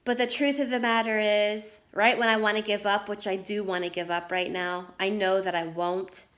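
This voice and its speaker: A woman's voice: medium pitch, flat delivery, normal speed, a bit bright. A middle-aged woman writer telling a personal story in a candid vlog, earnest and repeating herself for emphasis. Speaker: writer vlogger.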